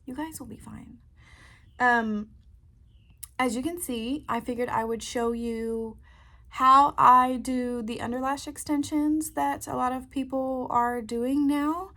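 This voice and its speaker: A woman chatting casually to camera as a beauty vlogger, relaxed with frequent ums, filming indoors by a window. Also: high voice, slow pace. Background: fan running.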